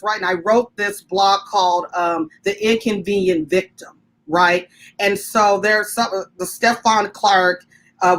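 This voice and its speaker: A woman guest activist on a video call, speaking in an articulate, reasoned and measured way. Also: mid-range voice, a bit bright. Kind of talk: discussion.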